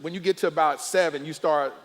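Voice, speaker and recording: A middle-aged man leads a church panel on marriage, loud and animated, often breaking into laughs. His voice sits a bit high for a man. The sound rings with the long reverb of a large hall. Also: quick pace. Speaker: pastor hosting a married-couples panel. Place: church sanctuary.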